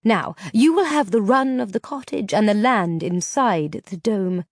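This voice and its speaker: A woman reader voicing a powerful sorceress who speaks slowly and calmly. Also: mid-range voice, no echo, clean studio sound, lightly acted. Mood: stern. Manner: slow, calm, measured. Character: calm, cold, powerful older sorceress.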